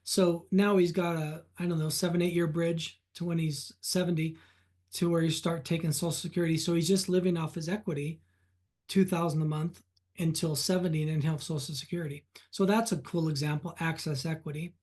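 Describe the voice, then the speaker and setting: A man being interviewed on a podcast as a reverse mortgage specialist, telling client stories in an animated way. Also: on the high side, a little fast. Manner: animated anecdotes, retelling client conversations.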